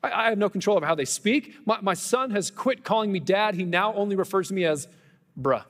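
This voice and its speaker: A man preaching a conversational Easter sermon as pastor, animated, with self-deprecating humor and quick asides. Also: high voice, in a large hall. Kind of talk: Easter sermon with personal stories. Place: church sanctuary.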